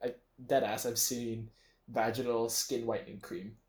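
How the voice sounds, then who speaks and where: A man's voice: medium pitch, flat delivery, unhurried, a little mellow. A young man from the Philippines, co-hosting a casual podcast chat and acting out the people in his stories. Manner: loose storytelling, acts out quoted people. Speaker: podcast co-host.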